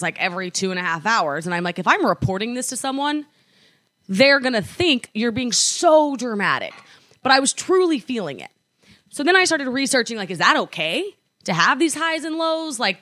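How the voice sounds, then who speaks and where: Young female podcast co-host, crisp and bright, rambling casual chat in a dry room. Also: medium pitch, no room sound. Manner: chatty, lots of likes and restarts. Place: apartment.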